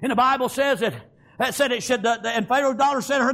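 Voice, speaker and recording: A man's voice: extremely high pitch, fast, gravelly, sharp tone. A man preaching a fervent sermon, peppering it with amens and praise God.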